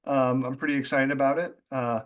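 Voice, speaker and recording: A man's voice: medium pitch, flat delivery, a little fast. A man, an author as guest, talking in a casual, rambling way with many fillers. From Boston area. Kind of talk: casual conversation.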